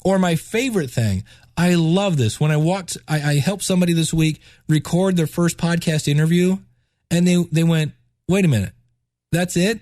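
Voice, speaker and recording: Enthusiastic male podcast host and teacher, congested, higher register, dry sound. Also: normal speed, no echo. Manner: enthusiastic, repeats words when excited. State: stuffed up, congested. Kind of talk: casual solo podcast talk.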